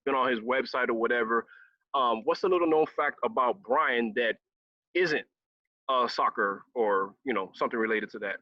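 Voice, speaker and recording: A man's voice: medium pitch, moderate pace, dry recording. A man hosting a podcast interview, chatting casually with frequent laughs and long, rambling questions. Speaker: podcast host. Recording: dull lo-fi sound.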